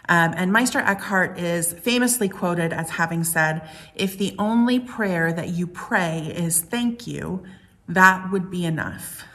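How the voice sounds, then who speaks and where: Reflective woman pastor, low voice. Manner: gentle, reflective, asks many questions. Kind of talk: sermon.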